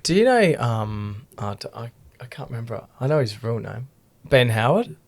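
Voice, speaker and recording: Easygoing podcast host. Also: male voice, medium pitch, sing-song. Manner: easygoing, chatty, halting. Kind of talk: casual podcast chat.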